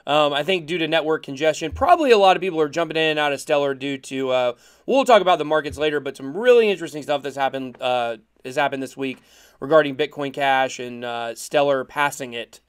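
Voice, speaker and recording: A man co-hosts a podcast in a casual, excitable way and laughs easily. His voice sits a little higher than most men's, and he explains topics at length. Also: fast, clean tone. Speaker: podcast co-host. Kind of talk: casual chat.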